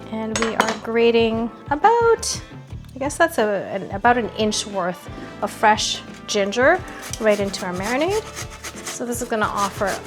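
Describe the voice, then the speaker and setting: A woman hosting a cooking video, chatting playfully as she walks through each step of a recipe. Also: a little high. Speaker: cooking show host. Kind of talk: casual cooking demonstration. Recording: background music under voice.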